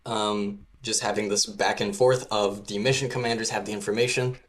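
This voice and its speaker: A man's voice: lowish voice, steady tone, moderate pace. A man talking as a podcast guest about designing a game, loose and chatty, with lots of "like". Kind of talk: casual podcast chat.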